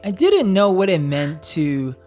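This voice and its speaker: A man co-hosting a casual chat with his partner, talking it through with hesitant pauses and fillers. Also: sits high, sing-song, a little mellow, faint music behind. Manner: hesitant, thinking aloud with many fillers. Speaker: co-host.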